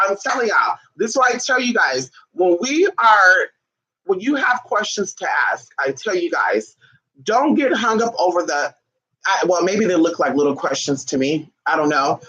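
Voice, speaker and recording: A man giving spiritual advice on a casual livestream, blunt, profane and animated as he acts out his viewers' questions. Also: high-pitched, moderate pace, lo-fi sound.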